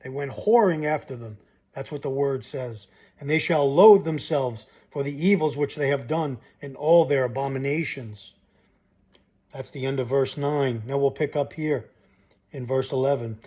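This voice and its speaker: A man's voice: mid-range voice, moderate pace, dark tone, slightly rough. A man reading Bible verses aloud and breaking off to comment and challenge his listeners, as in a sermon. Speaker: Bible teacher.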